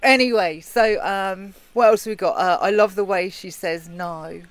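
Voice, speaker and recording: A man's voice: high-pitched, a little slow, hardly any pauses, fairly bright tone, no room sound. A British man co-hosting a live show, chatting casually and reading out viewer comments. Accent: British English. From Britain. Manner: chatty, reads out chat comments. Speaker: co-host of a live chat show. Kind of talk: casual chat.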